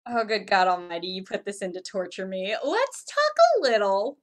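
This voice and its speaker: A woman's voice: mid-range voice, very animated, normal speed. A woman co-hosting a podcast over a video call, teasing her partner with dry wit. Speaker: podcast co-host. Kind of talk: casual chat.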